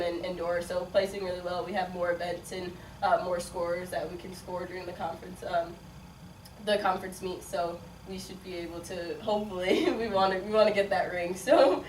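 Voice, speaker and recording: Her voice sits on the low side. A college sprinter in her twenties from Chicago, who grew up partly in Las Vegas, she answers interview questions chattily, with frequent likes, ums, and laughter, captured by a faraway mic in an echoey room with faint noise.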